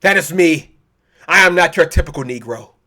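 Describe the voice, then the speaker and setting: A man's voice: mid-range voice, animated, a little fast, breathy edge, pitched below the performer's own voice. A man voicing a fawning man who puts on a proper, ingratiating voice. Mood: smug fawning. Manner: ingratiating, self-satisfied. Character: fawning man putting on a polite voice.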